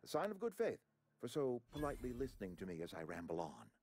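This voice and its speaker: A man's voice: mid-range voice, wildly swooping pitch, quick pace, darkish tone. A man voicing a pompous middle-aged outpost administrator in a video game, who talks in a formal, fussy and ingratiating way. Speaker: game character.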